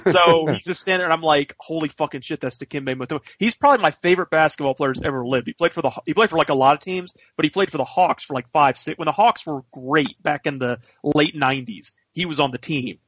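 A man, co-hosting a podcast, telling a story in an animated way and swearing freely. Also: on the high side, fast, hardly any pauses, dry recording. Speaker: podcast co-host. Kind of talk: casual storytelling chat. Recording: dull lo-fi podcast audio, dry.

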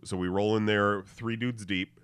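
A man's voice: on the low side, steady tone, a little slow, fairly bright tone, smooth, no echo. A man hosting a podcast, telling a story in a casual chat, acting out the voices and laughing often. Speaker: podcast host.

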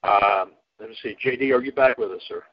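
A man's voice: on the low side, fairly quick, lo-fi sound. A man hosting a casual internet radio show about wrestling, rambling and restarting his sentences and laughing easily. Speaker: podcast host.

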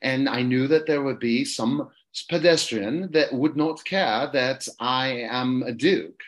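A man's voice: mid-range voice, slow pace, natural voice. Man playing a pompous British duke. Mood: boastful. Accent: British put-on. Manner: pompous, condescending.

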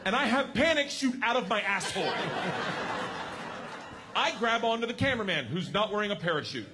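A man in his forties, a stand-up comedian telling a crude story loudly to a live audience and acting out the voices. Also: high voice, a little fast, crowd noise. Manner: loud, crude and animated, acts out every voice. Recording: noisy live room.

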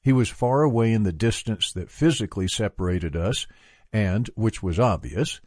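A man reading a memoir aloud for a book club, at a measured, even pace. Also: fairly low pitch, no echo, clean studio sound.

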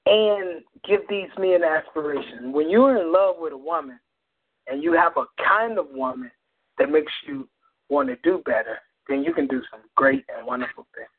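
Man, radio co-host, spoken-word poet, husky voice, very expressive pitch, tinny phone-like sound. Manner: animated, repeats phrases for effect. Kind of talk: casual chat and spoken-word poetry reading.

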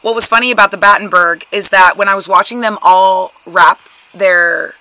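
A relaxed woman co-host talks casually, laughing and rambling through her explanations. Her voice is bright, at a middle pitch. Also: moderate pace, low-quality recording. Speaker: podcast co-host. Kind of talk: casual chat.

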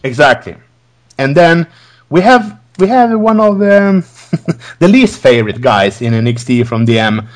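A man's voice: on the high side, big pitch swings, a little slow. Giggly rambling man recapping. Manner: rambling, laughs often, many restarts. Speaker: podcast host. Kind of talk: casual wrestling recap chat.

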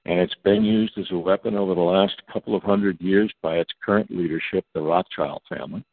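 Calling into a talk radio show as a guest, a man runs through a long, forceful monologue and spells acronyms out letter by letter. His low voice has vocal fry and a steady tone at a brisk pace. The phone line sounds tinny but has no echo.

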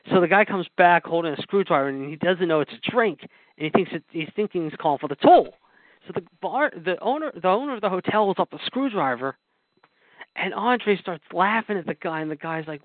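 A man's voice: fairly high pitch, lively intonation, normal speed, no echo. A man hosting a podcast, telling wrestling stories in a rambling casual way, full of fillers and repeated asides. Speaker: podcast host. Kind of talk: casual storytelling about wrestling history. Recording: dry, phone-like narrow sound.

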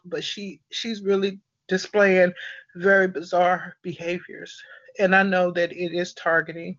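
A man hosting a support conference call, speaking in an earnest, halting, apologetic way over a phone. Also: high-pitched, little pitch movement, a bit bright, dry recording, highs cut off.

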